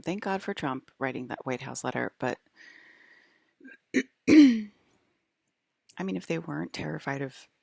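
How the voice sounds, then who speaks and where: Brief: young woman vlogger, low gravelly voice, rambling, filler-heavy, dry close sound. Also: darkish tone, no room sound. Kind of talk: casual rambling monologue.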